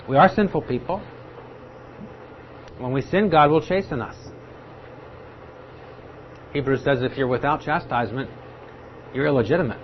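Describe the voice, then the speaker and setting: Patient and explanatory, this mid-range male voice walks through a Bible study, now and then slipping into the voices of the people he's quoting. Expect a little hiss or hum on a dull, lo-fi track with faint background ambience.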